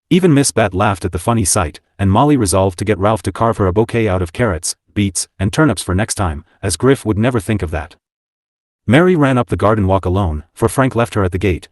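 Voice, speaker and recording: Low-voiced male audiobook narrator. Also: a little mellow, no echo, clean studio sound.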